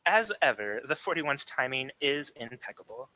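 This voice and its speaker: A man's voice: medium pitch, very animated, normal speed, sharp tone. Man doing a genteel fretful winged hero. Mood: hurried. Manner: genteel, courteous. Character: flying winged being, polite, fretful hero.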